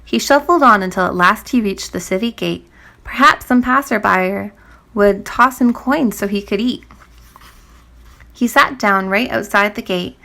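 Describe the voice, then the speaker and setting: A woman reading a rhyming children's story aloud in a rhythmic, expressive way. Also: medium pitch, unhurried, gravelly.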